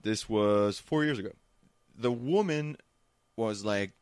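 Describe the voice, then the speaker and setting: Lower-voiced man telling animated sports stories. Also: moderate pace, clean tone, no echo. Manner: animated storyteller with many restarts. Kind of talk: casual chat.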